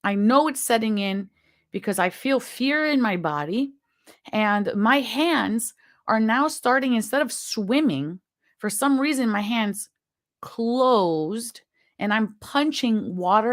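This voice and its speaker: A woman earnestly telling a personal story of nearly drowning, halting at times as emotion rises. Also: on the high side, lively intonation, no echo, studio quality. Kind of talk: personal story told to viewers.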